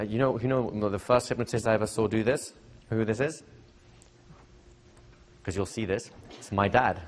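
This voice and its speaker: A middle-aged man teaching hypnosis to a live seminar audience, chatty and repetitive, often checking in with questions. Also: fairly low pitch. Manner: conversational, repeats phrases, asks the audience questions. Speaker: hypnosis trainer.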